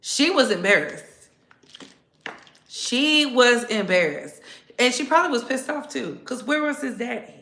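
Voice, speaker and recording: A woman hosting her own channel, giving casual gossip commentary straight to her viewers in an animated, profane way, often laughing. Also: sits high, fairly quick, creaky, few pauses. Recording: echoey room with faint noise.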